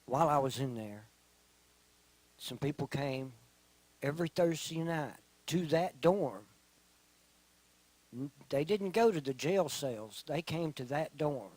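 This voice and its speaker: A middle-aged man giving a personal testimony in church, telling his story slowly and earnestly, often dropping to a quiet voice. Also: a little high, expressive, no room sound, low-quality recording. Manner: slow, earnest storytelling with quiet, soft-spoken stretches. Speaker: testimony speaker.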